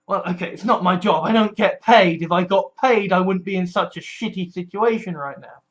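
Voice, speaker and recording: A frightened vlogger speaks straight to camera, voice mid-pitched and unsteady. The talk comes in halting bursts full of swearing and restarts, the sound of someone genuinely scared. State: scared and distressed. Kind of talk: personal political vlog.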